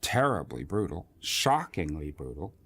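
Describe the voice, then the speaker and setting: A man giving enthusiastic, expressive commentary on a film in an interview. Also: very deep voice, unhurried, breathy edge.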